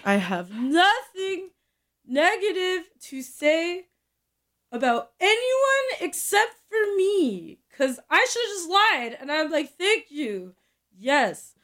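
A woman's voice: high-pitched, fairly bright tone. A woman hosting a show, delivering a rambling, self-mocking comic monologue and often laughing through her lines. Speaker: show host. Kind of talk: comedic monologue.

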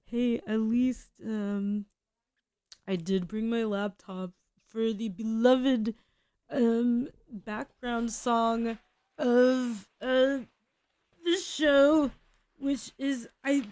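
A young woman hosts a radio show in a rambling, self-mocking monologue, drifting off mid-thought and chuckling at herself. Her voice sits a little high, and she takes her time, drawing out words at a slow, meandering pace. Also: darkish tone. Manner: self-deprecating, scattered, laughing and trailing off.

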